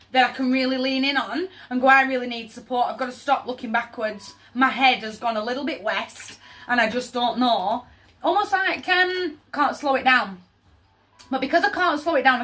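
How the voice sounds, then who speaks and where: Her voice fairly high and sharp in tone, a woman gives a relaxed tarot reading. She's talkative and emphatic, frequently pausing to ask "does that make sense?"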